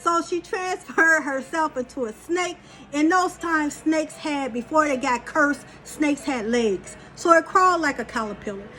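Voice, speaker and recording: A woman's voice: high voice, unhurried, pushed and bright, soft background music. A woman rambling through a spiritual monologue, blunt and profane, telling a story in a loose, casual way. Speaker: spiritual channeler.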